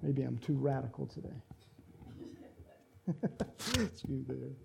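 A man's voice: medium pitch, fairly even intonation, slow, creaky, noisy background. A man preaching a sermon, telling the story dramatically with asides and questions to the congregation.

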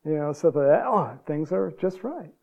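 Man, pastor, sermon, folksy, gravelly, dark tone, muffled recording. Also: animated, moderate pace. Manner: folksy, chuckling, acts out quotes in a higher voice.

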